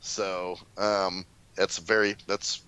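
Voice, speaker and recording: A man's voice: low-pitched, slow pace, clean tone, rough recording. A man co-hosting a casual talk show, telling profane stories. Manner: storytelling, profane, animated. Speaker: radio show co-host. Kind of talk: casual chat.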